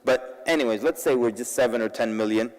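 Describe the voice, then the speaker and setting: A man giving a humorous public talk at a convention, telling stories in an animated way and mixing in Arabic words. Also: mid-range voice, fairly quick, long reverb tail, low-quality recording. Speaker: convention speaker. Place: large convention hall.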